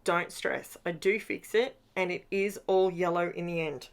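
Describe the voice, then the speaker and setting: A woman's voice: on the low side, fairly even intonation, measured pace. A middle-aged woman, chatting casually as she narrates her scrapbooking, tired after a long day. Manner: chatty, upbeat, rambling asides. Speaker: craft vlogger.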